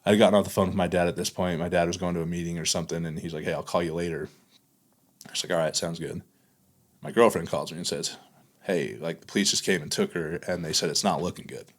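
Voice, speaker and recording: A man with a notably low, deep voice speaks as a podcast guest in candid conversation. He tells his story in a halting way, leaning on fillers and restarting his sentences as he goes. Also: steady tone.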